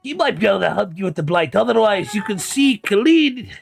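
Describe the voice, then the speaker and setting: A man putting on a gruff old barwoman. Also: high-pitched, very animated, a little fast, faint music behind, exaggerated voice. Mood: brusque. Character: gruff old female barkeep, blunt and coarse.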